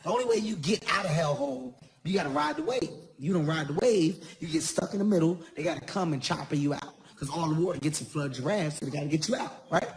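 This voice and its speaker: A man doing stand-up comedy storytelling, animated and self-mocking, often laughing through his own lines. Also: a little high, fast, few pauses. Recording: live venue, audible ambient noise.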